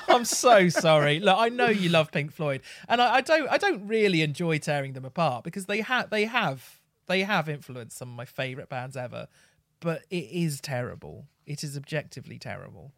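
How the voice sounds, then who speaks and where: A man's voice: on the high side, big pitch swings, normal speed, fairly bright tone, no echo, clean studio sound. Blunt sweary man. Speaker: podcast co-host reviewing albums. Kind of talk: casual chat.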